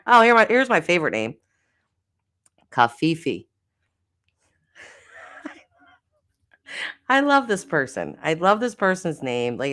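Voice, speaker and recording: A middle-aged woman chats on her live stream in a low voice that swoops up and down with lively expression. She giggles often, reads viewers' comments aloud and jokes about herself. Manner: giggly, self-deprecating, chatty. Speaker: live stream host reading chat. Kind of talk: casual live stream chat.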